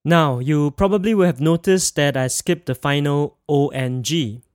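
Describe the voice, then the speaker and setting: A man teaching a pronunciation lesson, modelling each sound slowly and carefully and asking the listener to repeat it. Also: a little high, a little mellow, no room sound, clean studio sound. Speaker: language teacher.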